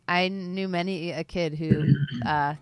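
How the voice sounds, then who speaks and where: A woman's voice: lowish voice, steady tone, takes it slowly, smooth. A woman running a tabletop game as game master, narrating playfully and laughing along with her players.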